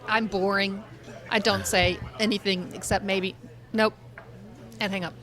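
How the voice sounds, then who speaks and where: A woman co-hosting a podcast, brisk and dry, with self-deprecating humor. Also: medium pitch, level tone, a bit bright, a faint crowd. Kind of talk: casual panel chat.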